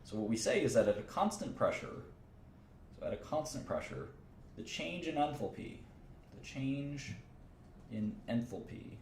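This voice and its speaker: A man's voice: medium pitch, very animated, moderate pace, vocal fry, long pauses, a little mellow, echoey room, slight background noise. A man teaching a chemistry lesson in an informal way, thinking aloud, repeating phrases and adding casual asides as he works through problems. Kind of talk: informal livestream lecture.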